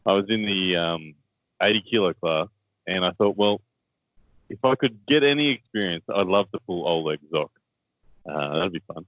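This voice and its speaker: A man's voice: sits low, moderate pace, no echo, highs cut off. A man with an Australian accent, co-hosting a casual chat and telling a story, laughing often and repeating words as he goes. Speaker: co-host, armwrestler.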